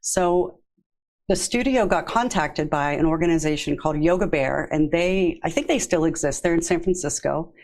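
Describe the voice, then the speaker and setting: A woman guest on a podcast, a yoga therapist, telling her story in a warm, chatty way and laughing easily. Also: low voice, normal speed, low-quality recording. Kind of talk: casual interview.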